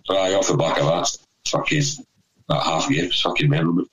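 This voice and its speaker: A man's voice: low-pitched, fairly even intonation, normal speed, fairly bright tone, slight background noise, low-quality recording. A Scottish man telling football stories in casual chat, swearing freely and acting out the people in his tales. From Scotland. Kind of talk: casual anecdote in a podcast chat.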